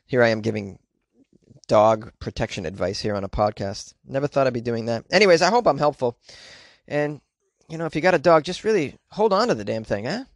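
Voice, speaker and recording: A man's voice: medium pitch, animated, brisk. A man hosting a podcast, riffing sarcastically and crudely on news stories and talking back to himself. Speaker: podcast host. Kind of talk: comic news commentary.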